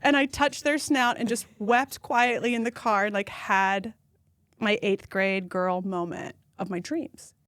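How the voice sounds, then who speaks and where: A woman, a podcast guest telling funny stories and acting out quotes in a high voice. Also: unhurried, no echo, studio quality. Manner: animated storyteller who acts out quotes in a high voice. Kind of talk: casual storytelling chat.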